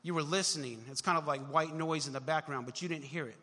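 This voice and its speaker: A young man preaches to his congregation in a high, bright voice. He drives his points with emphatic surges and sudden quiet drops. The sound rings with the long reverb of a large hall. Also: fast talker. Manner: emphatic, builds to shouts then drops low. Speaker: pastor. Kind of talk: sermon. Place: church hall.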